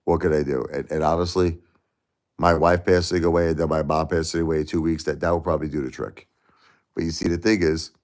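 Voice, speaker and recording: A grieving middle-aged man speaks in an extremely deep voice with a gravelly, creaky edge. His talk is raw and repetitive, moving between anger and quiet disbelief as he speaks on a live stream. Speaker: livestream host. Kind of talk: emotional live-stream monologue.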